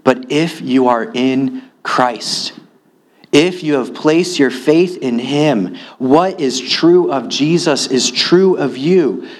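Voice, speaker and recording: A man preaching a sermon, slow and earnest, his voice rising in pitch when he stresses a point. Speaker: pastor.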